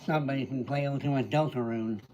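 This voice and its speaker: Chatting on his live stream, an entertainer greets viewers by name and responds to their questions in a casual way. He talks very fast with a steady tone, a medium pitch and a mellow quality. The audio has its highs cut off and a little hiss or hum.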